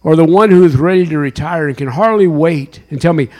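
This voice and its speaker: A man giving a sermon as a chaplain, with dramatic storytelling, sudden loud bursts and hushed whispers. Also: a little high, fairly quick.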